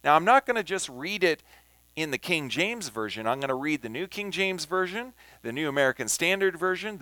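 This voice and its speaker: A man teaching a Bible study, talking slowly and deliberately and stressing words as he reads scripture aloud. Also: fairly high pitch, fairly bright tone, no room sound. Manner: slow and deliberate, emphasizing words when reading scripture.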